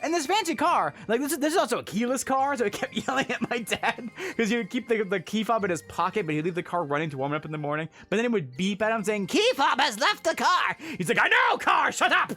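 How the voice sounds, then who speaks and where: A man chatting casually with his stream audience as he tells a story, animated and often laughing. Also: sits high, quick pace, few pauses, soft background music. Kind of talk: casual story time chat.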